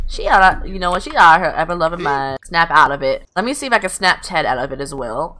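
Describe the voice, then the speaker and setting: A woman's voice: on the low side, expressive, quick pace, few pauses, sharp tone. A woman hosting casual gameplay commentary, joking and swearing, squealing when surprised. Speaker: gaming channel host.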